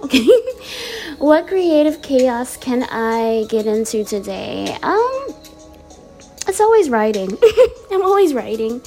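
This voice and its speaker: A bubbly woman with a slightly high, mellow voice reads affirmation cards in a casual vlog. She is playful and laughs easily, and she reads each card slowly before repeating it. Faint music plays behind her. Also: sing-song. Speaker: wellness vlogger reading affirmation cards.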